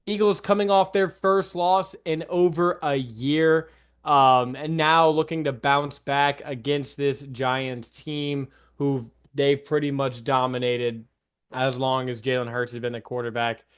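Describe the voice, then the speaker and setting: A young man co-hosting a casual sports podcast, upbeat, with frequent fillers and emphatic pitch jumps. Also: fairly even intonation, measured pace, clean tone. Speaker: podcast co-host.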